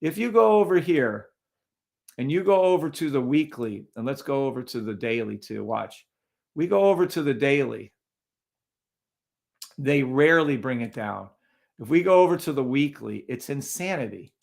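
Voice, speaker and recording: Gravelly man hosting a live trading stream. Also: mid-range voice, animated, moderate pace, darkish tone. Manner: incredulous, talks to chat viewers by name. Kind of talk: casual live-stream chart commentary.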